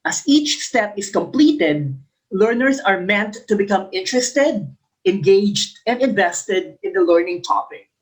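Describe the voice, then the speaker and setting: A woman's voice: medium pitch, animated, unhurried, poor audio. Female teacher, exam review lesson; reads options, explains, repeats answers, demonstrates intonation. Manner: models example sentences with exaggerated intonation.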